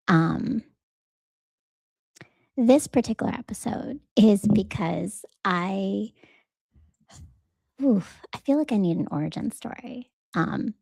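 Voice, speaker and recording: A woman's voice: mid-range voice, lively intonation, takes it slowly, creaky, long pauses, dry recording. A woman hosting her own podcast, talking in an earnest, conversational way and telling a story in which she quotes the people in it. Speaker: podcast host. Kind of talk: personal reflective monologue.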